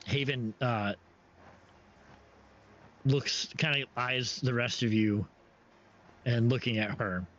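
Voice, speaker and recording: A man's voice: mid-range voice, slow pace, long pauses, a bit bright. A man narrating as game master for a tabletop game, hesitant with many fillers and restarts. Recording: dull lo-fi stream audio with faint ambience.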